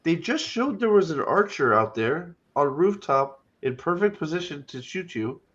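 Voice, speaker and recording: A man's voice: fairly high pitch, big pitch swings, moderate pace, slightly rough, dull audio. A man co-hosting a casual podcast chat, ranting and swearing with lots of restarts. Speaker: podcast co-host.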